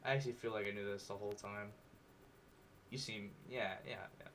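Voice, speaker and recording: A man reading a dating sim's narration aloud with animated, joking reactions. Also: fairly low pitch, brisk, background noise. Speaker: gaming video creator.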